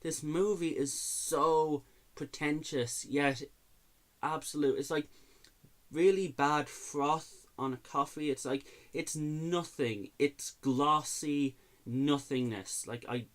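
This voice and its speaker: A man's voice: on the high side, slow pace. A man reviewing films in an exasperated, sarcastic rant, swearing freely. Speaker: movie reviewer. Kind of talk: ranting movie review.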